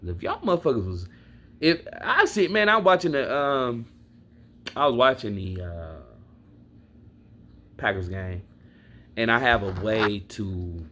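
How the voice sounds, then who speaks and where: Venting about his football team straight into the camera, this Milwaukee, Wisconsin vlogger is blunt and swears freely. His mid-range voice is sing-song, pushed and bright, taking a measured pace with frequent pauses. A little hiss or hum sits under the recording.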